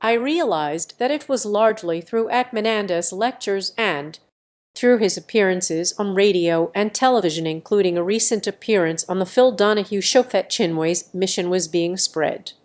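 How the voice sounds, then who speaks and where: A woman narrating a memoir as an audiobook, in an even, steady reading voice. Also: medium pitch, moderate pace.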